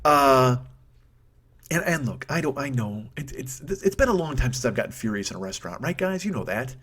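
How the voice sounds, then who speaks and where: A man in his fifties telling a long comic story on his podcast, profane and rambling, cutting himself off and restarting, then bursting into loud rants. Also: medium pitch, very animated, fast, slightly rough. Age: 50s. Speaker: podcast host. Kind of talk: comedic storytelling monologue.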